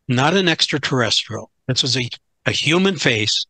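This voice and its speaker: Older male guest speaker, bright tone, dry close sound, candid storyteller who restarts phrases. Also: mid-range voice, expressive, moderate pace, no room sound. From United States. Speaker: guest speaker, philosophy professor. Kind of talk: conversational storytelling.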